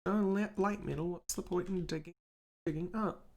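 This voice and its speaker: A woman's voice: fairly low pitch, fairly even intonation, normal speed, darkish tone. A woman streaming a game live, chatting casually and thinking aloud to her viewers.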